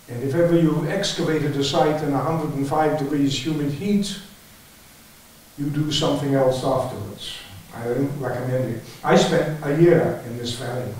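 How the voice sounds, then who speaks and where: An older man delivers a conference lecture, his voice pitched a little high. He tells field stories with dry, wry humour. The sound is distant and very echoey, as if picked up from the back of a large hall. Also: a little mellow. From England. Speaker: archaeology lecturer. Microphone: lectern or headset mic, battery trouble.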